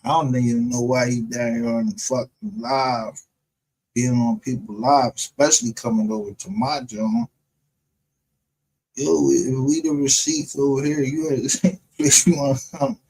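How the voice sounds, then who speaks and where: A man's voice: mid-range voice, moderate pace, creaky, darkish tone, breathy edge, low-quality recording. A man hosting a livestream, rambling in casual, profane commentary and laughing often. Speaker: livestream show host.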